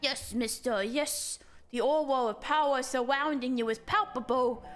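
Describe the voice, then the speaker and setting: A woman's voice: sits high, a little slow, faint music behind. A woman voicing a proud elder male mage brother, lofty and theatrical in her delivery.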